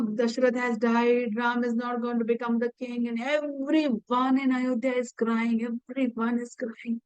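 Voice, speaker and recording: A woman's voice: a little high, smooth, no echo, low-quality recording. A woman with an Indian English accent tells an epic story as a lesson for teenagers. She halts often and repeats words. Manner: halting, repeats words, many fillers. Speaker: teacher.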